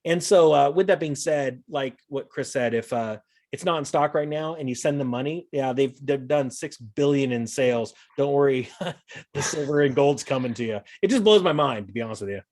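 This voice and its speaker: A man's voice: mid-range voice, moderate pace, a little mellow. A man talking casually and animatedly, acting out sarcastic imagined exchanges. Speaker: guest. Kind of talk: casual chat.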